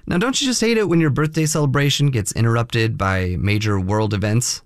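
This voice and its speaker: A male classical radio host speaks in an easy, conversational announcer's manner. His voice sits at an ordinary middle pitch. The studio sound is close and completely dry. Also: brisk, no echo. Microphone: studio microphone.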